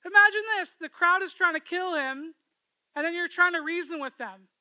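A woman preaching a sermon, retelling a scripture story with expressive, storytelling delivery and asking listeners to imagine the scene. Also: extremely high pitch, moderate pace, no room sound, poor audio.

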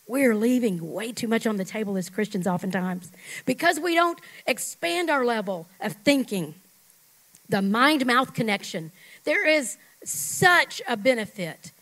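A middle-aged woman pastor preaching a sermon, emphatic, leading the congregation in call-and-response and dropping at times to a hush. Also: high voice, rough recording. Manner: emphatic, swings from loud to hushed.

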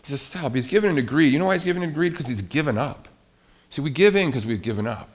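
A man preaching a sermon in a conversational, animated way, swinging between soft and loud. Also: on the high side, very fast. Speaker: pastor.

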